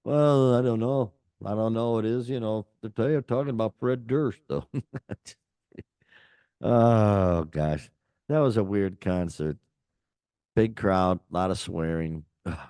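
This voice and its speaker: A man's voice: on the low side, slow, warm tone, clean tone, dry recording. An older man, co-hosting a casual rock chat show, rambling and joking with many fillers. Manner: rambling, jokey, lots of fillers. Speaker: podcast co-host.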